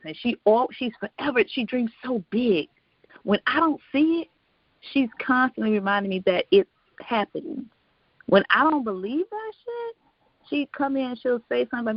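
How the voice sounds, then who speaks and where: A woman talks through her journey as an actor, reflective and warm in her storytelling, and she laughs easily. The recording is dry and somewhat dull, like a home podcast setup. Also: medium pitch, moderate pace, no room sound. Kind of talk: casual interview chat.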